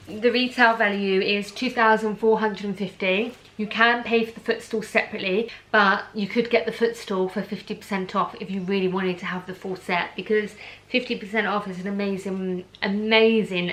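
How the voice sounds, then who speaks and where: Gushing with excitement, a young pregnant woman from the UK runs a charity giveaway in a casual vlog, filling her talk with "um" and "like." Her medium-pitched voice is slightly bright, and the audio quality is poor.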